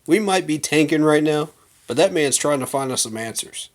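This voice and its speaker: A man's voice: on the high side, lively intonation, normal speed. Heated man ranting about his team. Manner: heated, emphatic, slangy. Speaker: fan channel host. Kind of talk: casual fan rant to camera.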